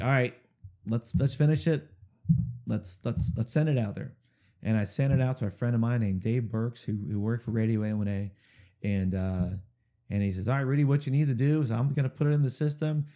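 A man with a mellow, mid-range voice appears as a singer-songwriter guest in a casual interview. Chatty and rambling, he tells a story while checking in with "okay?" as he goes.

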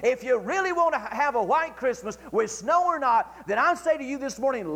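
High-voiced preaching pastor in a reverberant church. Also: male voice, animated, a bit bright. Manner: fervent preaching, slows down and stretches key phrases. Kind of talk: sermon. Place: church sanctuary. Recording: church archive recording with long hall reverb.

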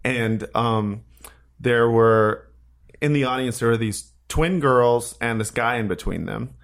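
A man's voice: mid-range voice, slow. A male comedian chatting casually and rambling, with lots of hesitations. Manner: rambling, hesitant, full of fillers. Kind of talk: casual chat. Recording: echoey room, loud music behind.

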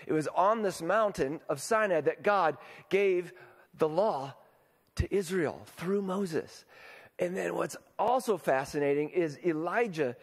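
Man preaching, high voice, conversational, questions to the room, long hall reverb. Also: expressive, a little slow. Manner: conversational, asks the congregation questions. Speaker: pastor. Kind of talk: sermon.

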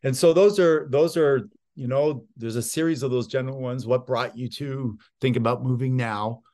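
A man's voice: medium pitch, moderate pace. A middle-aged man in a conversational interview, giving real estate sales advice and acting out the voices of people he quotes. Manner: animated storyteller, acts out quoted voices. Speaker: real estate guest expert.

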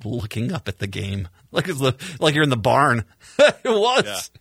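A man's voice: medium pitch, wildly swooping pitch, unhurried, fairly bright tone, husky, no room sound, studio quality. A male radio talk show host from Minnesota, chatting casually with rambling repeats and sarcastic asides. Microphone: studio microphone.

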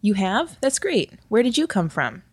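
A woman's voice: medium pitch, big pitch swings, moderate pace, breathy edge, no room sound, clean studio sound, voice pushed up. A woman voicing a curious, naive young mermaid with a foreign accent, speaking cheerfully and earnestly. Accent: foreign, hard to place. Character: young female mermaid on a gap year, curious.

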